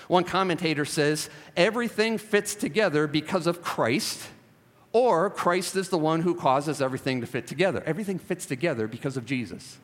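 A male pastor delivers an emphatic sermon, his fairly high voice swinging from urgent, loud appeals to hushed, reflective asides. The recording carries the long, lingering reverb of a large hall.

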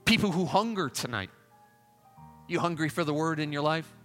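A man's voice: fairly high pitch, animated, normal speed, fairly bright tone, in a large hall, faint music behind. A man preaching a revival sermon at a camp meeting, fervent and pleading, repeating his appeals. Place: large tabernacle.

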